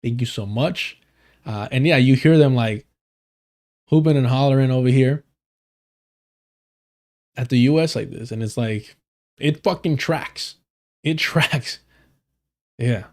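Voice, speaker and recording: A man's voice: mid-range voice, a little slow, pauses often, darkish tone. A man on a live stream reading a news article aloud and breaking off for casual, profane asides.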